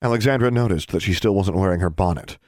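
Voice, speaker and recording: A man narrating an audiobook in an even, measured way. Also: low-pitched, no echo, clean studio sound.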